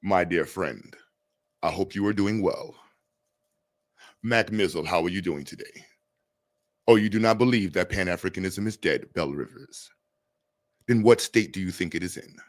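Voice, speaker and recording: A man's voice: deep voice, moderate pace, pauses often, lightly acted. A man putting on the voice of a pompous, overly formal male orator with elaborate, stiff diction. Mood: grandiloquent.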